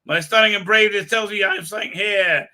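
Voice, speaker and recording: A man's voice: high-pitched, brisk, bright, forceful tone, voice pushed up. A man putting on a mocking, drawling voice for a smug, self-righteous young woman hero. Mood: smug mockery.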